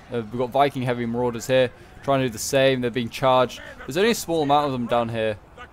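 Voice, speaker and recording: A man giving casual, chatty commentary over a strategy game battle, rambling and correcting himself as he goes. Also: medium pitch. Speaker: gaming video creator.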